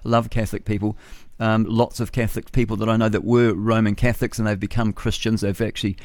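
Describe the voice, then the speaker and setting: Middle-aged man, New Zealand accent, breakfast radio host, chatty and opinionated, low-pitched, dry studio mic. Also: flat delivery, quick pace, a little mellow, no room sound. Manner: chatty, opinionated, laughs at own jokes. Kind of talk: rambling talk-radio monologue.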